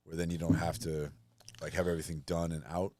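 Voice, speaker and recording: A man's voice: low voice, level tone, fairly quick, dark tone, no room sound. A man in a casual podcast chat, agreeing and chiming in often. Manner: agreeable, interjecting yeahs.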